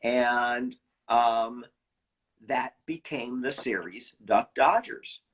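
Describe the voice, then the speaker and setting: A man, a voice actor, telling animated behind-the-scenes anecdotes in a casual interview, with quick restarts. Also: medium pitch. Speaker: voice actor guest.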